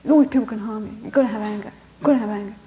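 A woman putting on a stubborn young guy who hammers the same blunt point over and over. His voice sits a little high. The recording is dull and muffled, with a faint hum of ambience behind it. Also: flat delivery, fast, gravelly. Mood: insistent. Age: young adult. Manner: repetitive, insistent, blunt. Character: defiant young man, stubborn and insistent.

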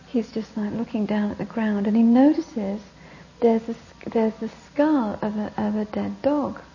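A woman Buddhist teacher giving a talk, telling a story with lively narration that often drops to a whisper. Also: a little high, unhurried. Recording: dull lo-fi recording with faint hiss.

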